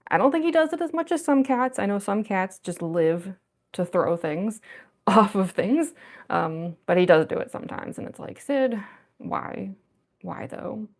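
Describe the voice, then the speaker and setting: A woman artist talks casually to her livestream audience from her home desk, chatty and often breaking into giggles. Her voice sits at an ordinary middle pitch with a noticeable creaky, gravelly fry. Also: animated, normal speed. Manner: chatty and giggly, with frequent laughs. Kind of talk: casual livestream chat while drawing.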